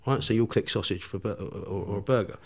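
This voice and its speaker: A man's voice: fairly low pitch, quick pace. A man, a podcast guest telling a story in casual chat, swearing constantly and laughing as he goes.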